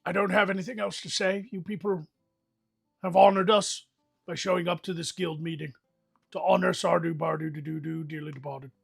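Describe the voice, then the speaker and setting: High, gravelly man rambling a mock eulogy. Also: fairly even intonation, fairly quick, soft background music. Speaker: host leading an improvised fantasy guild meeting. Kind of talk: improvised comedic role-play livestream.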